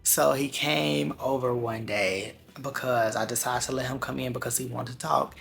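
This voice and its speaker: A man vlogger telling a personal story in a candid, slangy, animated way. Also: medium pitch, moderate pace, gravelly. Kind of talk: casual storytime vlog.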